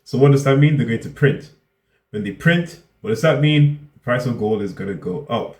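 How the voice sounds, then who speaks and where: A man's voice: expressive, normal speed, a little mellow. Incredulous man reacting, echoey room. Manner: exasperated, incredulous, jumps in pitch when outraged. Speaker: reaction video host. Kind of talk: reaction commentary. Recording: roomy echo.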